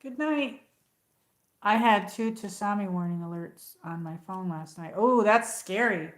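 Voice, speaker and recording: A woman's voice: medium pitch, normal speed. A woman chats on a livestream from home, rambling from one thought to the next and greeting viewers by name. Her voice sits in a middle range. The room has a noticeable echo around her. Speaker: livestream host. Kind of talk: casual livestream chat. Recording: echoey room.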